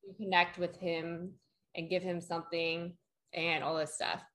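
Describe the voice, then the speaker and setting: A woman's voice: fairly low pitch, level tone, measured pace, fairly bright tone. Young woman, rambling storyteller, lots of fillers, casual. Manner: rambling, filler-heavy storytelling with acted quotes. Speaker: storyteller in a chat. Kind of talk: casual chat.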